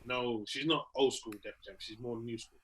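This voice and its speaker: A young comedian co-hosting a podcast, telling animated stories and acting out little scenes as he talks. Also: medium pitch, moderate pace, low-quality recording. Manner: animated storyteller, acts out little scenes, laughs readily. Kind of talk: casual chat.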